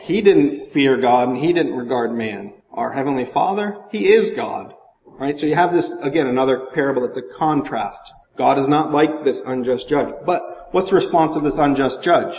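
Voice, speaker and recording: A man's voice: mid-range voice, normal speed. A man preaching a sermon, talking in a conversational way, often asking his listeners questions and reading scripture in older English. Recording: echoey hall over a phone-like line.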